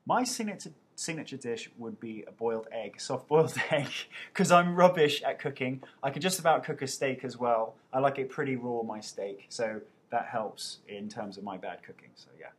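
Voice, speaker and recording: A young man with an English accent chats into his webcam, reading out viewers' questions and answering them. His voice is husky and a little breathy, sitting at an everyday middle pitch. He jokes easily at his own expense as he goes. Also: expressive, normal speed. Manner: chatty, self-mocking, playful. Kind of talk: casual webcam Q&A.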